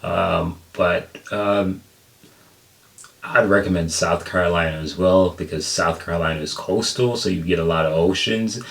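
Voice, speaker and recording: A man's voice: deep voice, fairly even intonation, moderate pace, gravelly, a bit bright. A man hosting a reaction video, chatting casually and rambling with plenty of fillers and restarts. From United States.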